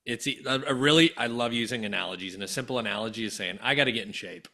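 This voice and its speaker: A man's voice: mid-range voice, brisk, few pauses, bright, forceful tone. A man co-hosting a business podcast in casual chat, explaining his points through analogies. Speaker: podcast co-host, business coach.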